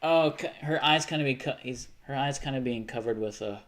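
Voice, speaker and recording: Excitable, sweary male livestreamer. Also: medium pitch, fairly quick. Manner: loose and excitable, swearing often, laughing and restarting sentences. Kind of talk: casual livestream chat, reacting to pictures and viewer messages.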